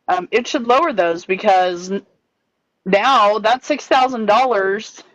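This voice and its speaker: A woman talks earnestly and chattily about a bill for patients, leaning on fillers as she explains. Her audio is dull and lo-fi. It sounds dry, with no room echo. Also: medium pitch. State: hiccups. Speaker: pharmacist advocate. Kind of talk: casual advocacy chat.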